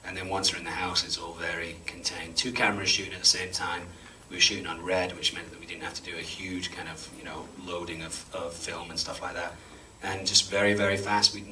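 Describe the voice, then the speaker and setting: A man, an actor answering audience questions after a screening, chatty and self-deprecating and quick to laugh. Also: low voice, pushed and bright. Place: cinema auditorium before an audience. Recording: distant mic with faint room noise.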